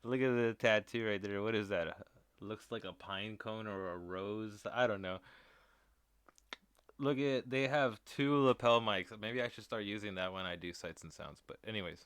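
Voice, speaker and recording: Male reaction host, sarcastic rambler, crisp smooth voice, slightly low. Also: moderate pace, fairly bright tone, no echo. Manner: mocking, rambling asides. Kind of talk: casual sarcastic commentary.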